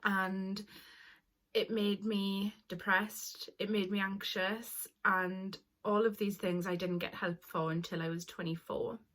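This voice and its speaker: A woman's voice: mid-range voice, level tone, slow, fairly bright tone. Young woman, twenties, confessional vlogger: earnest, apologetic, close to tears at times. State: tearful at times. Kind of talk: personal confessional story.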